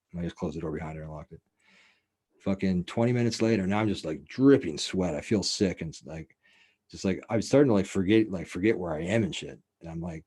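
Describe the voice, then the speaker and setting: A man's voice: sits low, lively intonation, fast, mellow, slightly rough. A man hosting a podcast, telling a rambling, profane story in a loose, casual way and filling it with "like" and "you know.". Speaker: podcast host.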